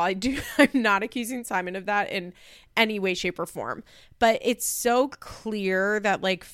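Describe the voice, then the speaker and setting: Chatty woman recapping with animated quotes. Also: clean tone, no room sound, studio quality. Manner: chatty, frequent "like" fillers, laughs, acts out quotes in high voices. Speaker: commentator recapping a reality show. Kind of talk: casual opinionated recap.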